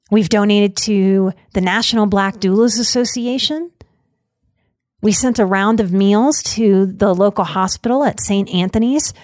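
A woman hosts her show and talks to her listeners in an earnest, heartfelt way. Her voice sits at a middle pitch. It is recorded dry and close, with no room sound. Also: darkish tone, no echo. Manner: earnest, emotional, choked up at times. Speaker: podcast host. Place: Denver.

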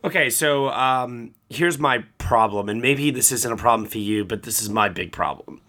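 A man's voice: medium pitch, moderate pace, sharp tone. A man co-hosting a casual film review chat, ranting at length with many fillers. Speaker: film podcast co-host.

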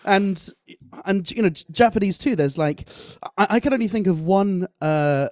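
A man in a casual discussion, animated and jokey as he tells stories. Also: high-pitched, normal speed, no room sound, studio quality.

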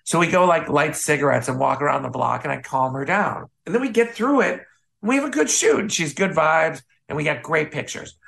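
A photographer and author from the Midwestern US, interviewed as a guest, tells animated stories casually and imitates the people he quotes. His gravelly voice is on the high side and fairly quick.

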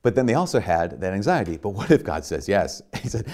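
A man's voice: fairly low pitch, expressive, moderate pace, a little mellow. A man preaching a sermon in an earnest, conversational way, with many fillers and restarts.

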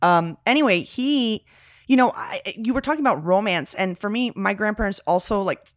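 Animated bilingual woman telling family stories. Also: medium pitch, normal speed, no room sound, clean studio sound. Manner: animated storytelling, slips into Spanish. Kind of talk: casual chat.

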